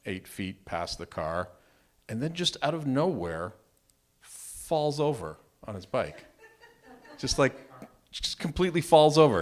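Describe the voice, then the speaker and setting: Guy doing a live storytelling set, lowish voice, super expressive ups and downs, wry. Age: adult, married. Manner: wry, animated, self-deprecating.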